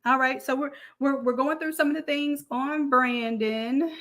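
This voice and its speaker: A woman with a Southern US accent hosting a casual livestream Q&A, animated and preachy as she fires up her viewers. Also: sits high, measured pace. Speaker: online design academy host.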